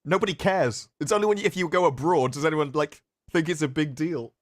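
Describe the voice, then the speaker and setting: A man's voice: fairly high pitch, brisk, no room sound, studio quality. A man with an English accent, chatting casually as a podcast co-host with wry, self-deprecating humor. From England. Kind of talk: casual chat.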